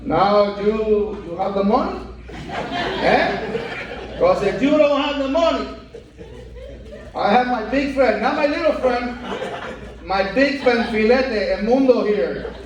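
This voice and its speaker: A man's voice: very high voice, lively intonation, takes it slowly, pauses often, crowd noise, pitched above the performer's own voice, full character voice. A man voicing a hostile male thug who demands money with threats. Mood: menacing. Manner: threatening, mocking. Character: hostile male debt collector, menacing. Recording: echoey club from far off.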